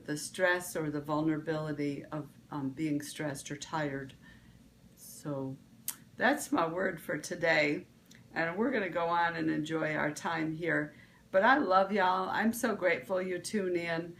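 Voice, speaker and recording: A woman's voice: low-pitched, a bit bright, slight background noise. A woman vlog host, giving a casual motivational talk, rambling with restarts and fillers.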